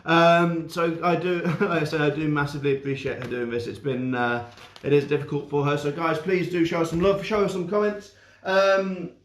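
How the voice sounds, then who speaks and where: A young magician and kids' entertainer streams a live show from an indoor room, speaking with a fairly high, flat pitch at normal speed and hardly pausing. Chatty and upbeat, he makes self-deprecating jokes amid many fillers and restarts, captured in a very echoey room at a distance from the mic.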